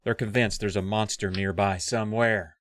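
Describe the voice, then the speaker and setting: A man's voice: fairly low pitch, fairly even intonation, normal speed, fairly bright tone, no echo, clean studio sound. A man co-hosting a podcast, casually retelling a story's plot and acting out its characters. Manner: storytelling narration, bursts into acted quotes. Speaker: podcast co-host. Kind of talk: casual comedic book recap.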